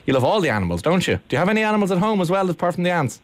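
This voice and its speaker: A woman's voice: lowish voice, big pitch swings, very fast. An adult woman hosting a playful chat with a child, teasing and joking with her. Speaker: radio host.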